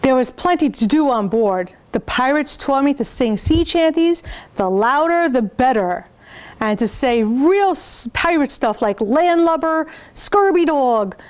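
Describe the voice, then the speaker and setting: High-voiced woman storytime reader; reads picture books aloud to preschoolers and stops to show the pictures. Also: expressive, darkish tone. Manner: pauses to point out pictures to listeners.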